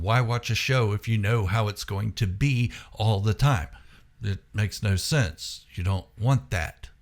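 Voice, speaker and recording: A man with a low, gravelly voice gives a casual spoken review to his viewers. He rambles in a chatty way and catches his own slips with quick asides. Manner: chatty, self-correcting asides. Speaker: YouTube channel host.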